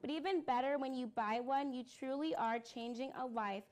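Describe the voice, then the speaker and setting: A woman with a fairly high voice co-hosts a live shopping show. She presents each item with upbeat enthusiasm. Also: normal speed, darkish tone. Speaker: live-stream product host. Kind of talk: casual live product demo.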